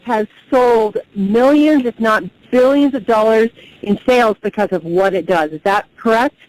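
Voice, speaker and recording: A woman's voice: a little high, normal speed, darkish tone, low-quality recording. A woman hosting an interview, encouraging her guest with frequent mm-hmms. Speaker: host. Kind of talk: interview host.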